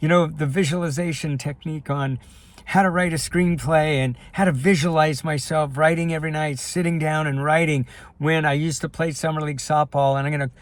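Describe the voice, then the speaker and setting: A middle-aged man speaks candidly to the camera, his voice sitting a little high for a man. He tells a personal story with real emotion, slipping into quoted dialogue. The sound is close and dry, with no room echo. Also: fairly even intonation, fairly quick. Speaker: life coach and filmmaker sharing his story. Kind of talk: personal video talk to camera.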